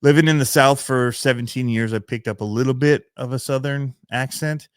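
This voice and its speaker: A man's voice: medium pitch, brisk, smooth, no echo, studio quality. A middle-aged man with a Michigan accent, hosting a podcast in a rambling, self-deprecating way and laughing often. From Michigan, USA. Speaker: podcast host and RC channel creator. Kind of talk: casual podcast chat.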